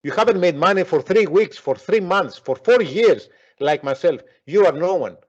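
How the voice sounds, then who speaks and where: A man talks traders through their weaknesses in a blunt, forceful way, swearing and repeating himself. His voice sits a little high for a man. The recording sounds dull and lo-fi. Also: lively intonation, normal speed. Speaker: trading coach. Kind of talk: blunt motivational talk. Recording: dull lo-fi audio.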